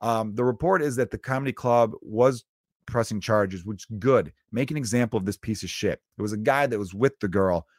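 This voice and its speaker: A man's voice: on the low side, fairly quick, no room sound, clean studio sound. A young man hosting a solo podcast, talking casually and bluntly, with plenty of swearing as he tells a story. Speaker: podcast host.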